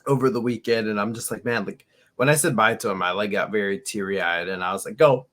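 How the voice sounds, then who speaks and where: A man co-hosting a fan podcast, telling stories in an animated way with restarts. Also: fairly low pitch, fast. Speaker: podcast co-host. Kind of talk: casual podcast chat.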